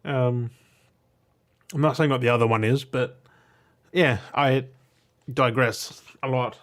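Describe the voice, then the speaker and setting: A man's voice: mid-range voice, fairly even intonation, takes it slowly. Guy, casual vlog chat, blunt, swears, wanders off topic. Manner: blunt, swears casually, digresses and restarts often. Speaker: YouTuber showing his weekly movie and game pickups. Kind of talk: casual rambling to camera.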